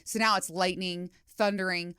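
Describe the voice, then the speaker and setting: Middle-aged woman podcast host, low-ish voice, dry close sound, chatty storyteller who swears and acts out asides. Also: steady tone, normal speed, bright, forceful tone, clean tone, dry recording. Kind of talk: casual solo podcast chat. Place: home studio.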